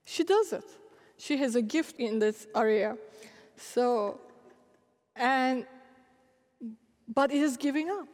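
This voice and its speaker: High-voiced woman preaching in a hall. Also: slow pace, pauses often. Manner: animated, laughing storyteller. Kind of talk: storytelling sermon. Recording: long hall reverb.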